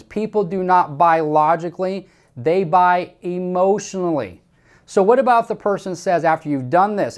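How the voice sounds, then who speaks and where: A man's voice: sits high, a little mellow. Emphatic male sales coach giving instructions. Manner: emphatic, repetitive, direct instructions to the listener. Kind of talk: sales training talk to camera.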